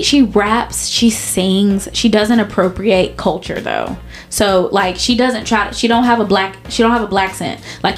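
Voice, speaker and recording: A woman co-hosting a podcast, telling stories in a lively, profane, chatty way. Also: medium pitch. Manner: animated, profane storytelling. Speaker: podcast co-host. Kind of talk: casual chat.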